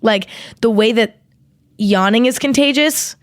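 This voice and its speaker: In clean, echo-free studio sound, a young podcast host with a slightly high voice chats casually at a measured pace. She rambles, saying "like" constantly, and works in a sponsor read.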